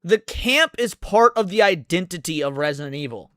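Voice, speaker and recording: A man's voice: sits high, expressive, moderate pace, sharp tone, clear, resonant tone, no echo, studio quality. A man ranting in a heated, profane, sarcastic way, hosting commentary over game clips. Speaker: commentary host.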